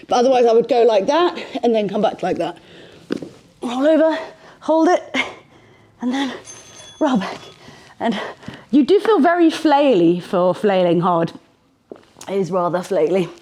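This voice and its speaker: A woman leading a home workout, chatty and playful, poking fun at herself as she demonstrates moves in a small room. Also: fairly high pitch. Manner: chatty, self-deprecating, playful. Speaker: fitness instructor. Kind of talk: casual workout instruction. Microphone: handheld microphone.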